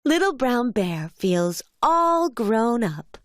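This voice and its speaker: A woman narrating a children's cartoon in a clear, gentle storytelling voice, recorded as a studio voice-over. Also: fairly high pitch, big pitch swings, slow, dry recording.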